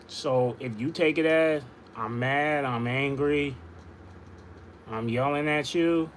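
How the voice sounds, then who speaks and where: A man's voice: fairly high pitch, slight background noise. A man insistently arguing his point in casual livestream talk, repeating himself. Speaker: livestream host.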